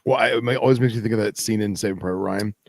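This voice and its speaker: A man co-hosting a casual podcast, halting and often restarting his sentences. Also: lowish voice, gravelly, darkish tone, no room sound, studio quality. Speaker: podcast co-host. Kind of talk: casual chat.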